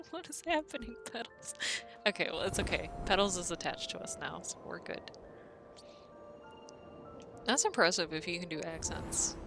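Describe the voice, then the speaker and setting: Low-voiced Southern US woman streaming. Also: measured pace, gravelly, pauses often. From Southern United States. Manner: chatty, answering chat messages aloud. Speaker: game streamer. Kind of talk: casual live-stream chat. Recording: music playing behind the voice.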